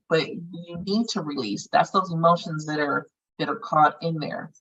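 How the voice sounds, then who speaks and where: A woman's voice: deep voice, fairly even intonation, moderate pace, fairly bright tone, husky, distant mic, muffled recording. A woman leading a healing circle, talking casually and frankly about meditation, swearing freely as she goes. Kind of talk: casual group guidance on meditation.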